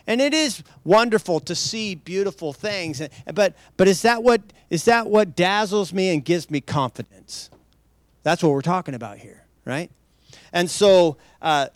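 Recorded dry, a high-voiced man delivers a sermon in a loose, chatty style. He restarts frequently, wanders into asides, and laughs lightly between his points.

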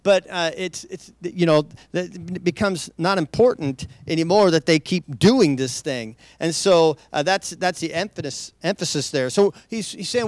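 Guy giving a casual sermon, kinda high voice, lots of restarts and little laughs, super dry mic. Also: normal speed, hardly any pauses, dry recording. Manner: loose, chatty delivery with many restarts and asides; laughs lightly between points. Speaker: preacher. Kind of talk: conversational sermon.

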